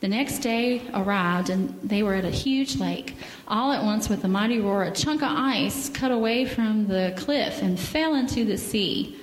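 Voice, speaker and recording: Lady reading a kids' story at church, gentle and lively, echoey hall. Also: mid-range voice, a little slow, hardly any pauses, slight background noise. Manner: gentle, animated, asks children questions. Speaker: children's story leader. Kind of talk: reading a picture book to children. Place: church sanctuary. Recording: echoey hall with faint ambience.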